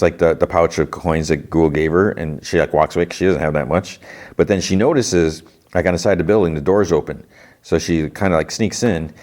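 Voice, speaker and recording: A man's voice: low-pitched, a little mellow. A man hosting a podcast, casually recapping an episode in a rambling way, full of fillers. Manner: rambling, filler-heavy retelling. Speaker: podcast host.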